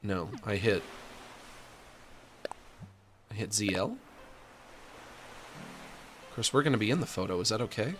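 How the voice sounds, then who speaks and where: A man's voice: on the low side, animated, a little slow, pauses often, fairly bright tone, soft background music. A man streaming a video game, chatting casually to himself and the characters as he decorates a room. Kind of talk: casual gameplay commentary.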